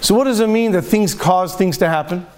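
A man with a high voice gives a Torah talk in the manner of a rabbi. He tells a story with lively turns, slipping into the speakers' lines as he goes. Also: brisk, a little hiss or hum. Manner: lively storyteller acting out dialogue.

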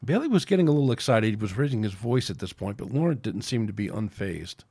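A man's voice: on the low side, sing-song, fast, hardly any pauses, dark tone, husky, no room sound, studio quality. A man reading his own science fiction story aloud as a podcast narrator, in a plain, unpolished way. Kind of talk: amateur audiobook narration.

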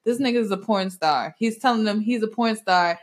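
A young woman hosting a podcast, telling profane, animated stories between bursts of laughter. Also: medium pitch, fairly quick. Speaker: podcast host. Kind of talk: casual storytelling chat.

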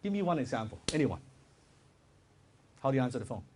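A man giving a lively live sales seminar, quizzing the audience with questions. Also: medium pitch, fast, a little hiss or hum. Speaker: sales trainer and seminar speaker. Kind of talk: live motivational seminar talk.

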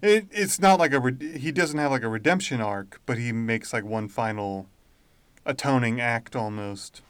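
A man co-hosts a podcast, thinking out loud in a hesitant, casual way. His voice is medium-pitched and clear with a resonant tone, and he speaks at a moderate pace. There's no room sound in the recording.

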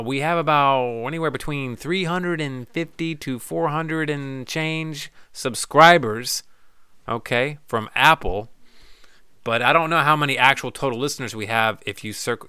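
A man's voice: medium pitch, pushed and bright, smooth, dry recording, studio quality. A man hosting his own podcast, casually ranting and reading listener messages, loose and profane and joking. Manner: loose, profane, joking, breaks into goofy voices. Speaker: podcast host.

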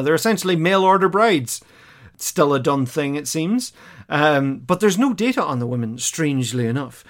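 A slightly high-voiced man talks through an episode in a loose, chatty way, stopping and restarting often and laughing as he goes. He sounds like a podcast co-host reacting to a show for the first time. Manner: chatty and hesitant, lots of fillers, laughs as he talks. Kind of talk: casual chat, recapping an episode.

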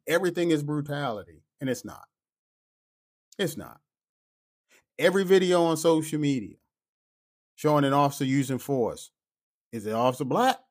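A man who is a police officer, talking through his opinions in a casual podcast monologue, emphatic and full of rhetorical asides. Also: fairly high pitch. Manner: animated, emphatic, rhetorical "right?" asides and acted-out quotes.

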